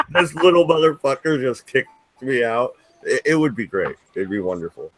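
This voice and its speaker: A man's voice: medium pitch, big pitch swings, measured pace, fairly bright tone, rough recording. A man hosting a casual stream chat, swearing often and laughing as he rambles. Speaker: stream host.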